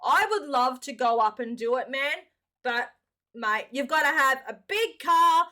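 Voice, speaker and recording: A woman's voice: high voice, expressive, a little slow, bright, forceful tone. An Australian woman hosting a reaction video, chatting upbeat and casually, calling the viewers mate.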